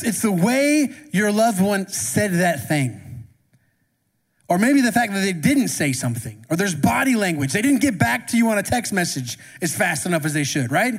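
In a church sanctuary with long hall reverb, a pastor delivers his sermon in a husky, high-pitched voice. His manner is conversational, and he asks the congregation questions.

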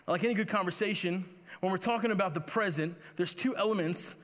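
A man's voice: high-pitched, brisk, a bit bright. A male pastor preaching a sermon in a conversational way, often repeating words and acting out the quotes he reads. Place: church hall. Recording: long reverb of a church hall.

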